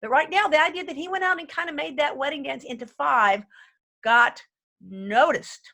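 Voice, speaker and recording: Her voice is high, creaky, and sharp in tone, at a normal speed. A female music lecturer gives an informal online lesson, chatting excitedly, drifting off topic, and counting beats as she plays a keyboard, faintly audible behind her.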